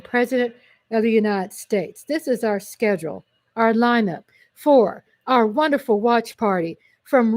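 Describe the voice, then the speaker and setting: A woman with a Texan accent hosts a casual livestream, reading a long list of names in a fairly high voice. She chats eagerly and corrects herself when she stumbles. The sound is dry and close. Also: dry recording. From Texas. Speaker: livestream host.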